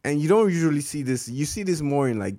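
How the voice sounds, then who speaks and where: A Nigerian man with a slightly raised voice who thinks out loud as he talks. He often stops and restarts his sentences in a relaxed conversation with friends. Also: on the high side. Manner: thoughtful, halting, restarts often. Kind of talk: casual chat.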